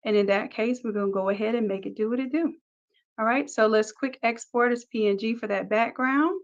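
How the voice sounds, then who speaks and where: A woman leads a screen-recorded design lesson, talking through every click in an upbeat, practical way. Her voice sits a little high. The recording sounds dull and lo-fi. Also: a little fast. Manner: upbeat, talks through each click step by step. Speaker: design instructor. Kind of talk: screen-recorded software tutorial.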